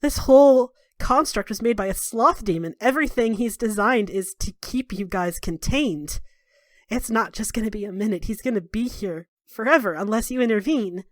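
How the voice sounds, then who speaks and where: A woman's voice: mid-range voice, moderate pace, no echo, natural voice. A woman voicing a blunt female spirit guide in a tabletop game, speaking matter-of-factly in a dry room.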